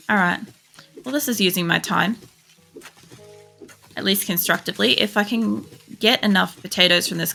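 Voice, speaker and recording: An Australian woman talks as she plays a game at home, rambling and casual and swearing freely. Her voice sits low and gravelly, yet has a bright edge. She has a faint hiss behind her. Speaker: game streamer. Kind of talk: casual chat while playing. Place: home computer setup.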